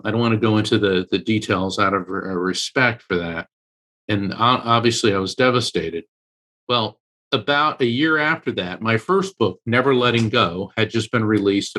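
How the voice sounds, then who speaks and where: A man's voice: mid-range voice, bright, forceful tone. A man working as a medium and author, a guest telling a personal story in an interview with earnest emotion. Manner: earnest, emotional storyteller who acts out quoted voices.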